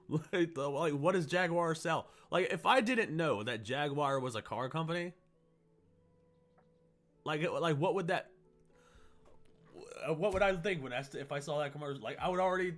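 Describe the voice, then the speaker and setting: A man rants casually on a stream, swearing freely and laughing between points. His voice sits a bit high for a man, with faint music behind him. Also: moderate pace, long pauses. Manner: profane, laughing, animated rants. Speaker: stream co-host. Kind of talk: casual reaction chat.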